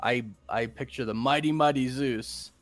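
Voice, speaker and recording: A man hosting a relaxed film-review podcast, talking in a lively, animated way. His voice sits in the middle range for a man. The sound is close and dry, with no room echo. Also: mid-range voice, moderate pace, faint music behind. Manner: animated, acts out quoted movie lines. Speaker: podcast host. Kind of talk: casual film review chat.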